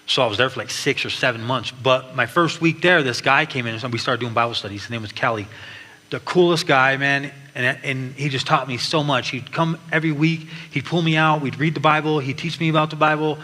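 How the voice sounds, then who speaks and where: In a large church hall, a man gives an earnest personal testimony, often restarting as he tells his story. His mid-range voice is sharp and a little fast, with long hall reverb and faint background noise around it.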